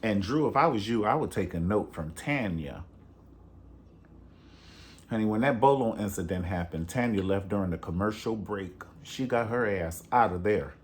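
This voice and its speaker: Brief: low-voiced man, sassy and profane, swooping between pitches as he dishes gossip. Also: expressive, normal speed. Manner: sassy, gossipy, profane, says "honey" a lot. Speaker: reality TV reviewer. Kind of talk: casual chat.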